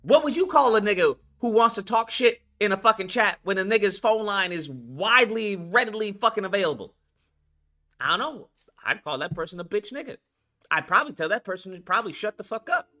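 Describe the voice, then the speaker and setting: A man's voice: sits high, expressive, a little fast, pushed and bright, faint music behind. A man hosting a live stream, ranting in a heated, mocking and profane way, taunting a viewer to call in.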